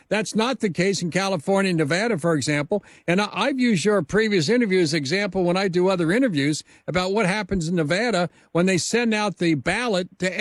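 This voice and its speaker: A high-pitched man hosting a political talk show, rambling and halting with fillers as he builds up to his questions. His voice sits close and dry, with no room around it. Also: dry recording.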